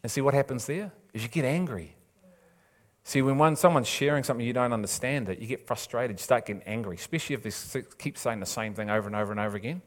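A man preaches at a quick pace in a medium-pitched voice, passionately urging and imploring his listeners. He hammers points home with repeated phrases and tosses in casual asides.

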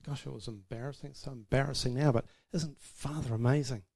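A man's voice: mid-range voice, fairly even intonation, fairly quick, creaky, warm tone, breathy edge. Man, church testimony, conversational and self-mocking, laughs a lot. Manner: chatty, self-deprecating, laughing often. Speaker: speaker sharing about marriage. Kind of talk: informal testimony to a church audience.

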